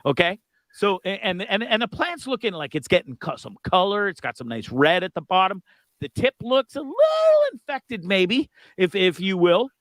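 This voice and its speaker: A high-pitched man hosts a livestream with a lot of swing in his voice. He rambles through crude, animated jokes. The room sounds dry and close. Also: normal speed, no echo. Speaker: livestream host. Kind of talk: casual comedic live chat.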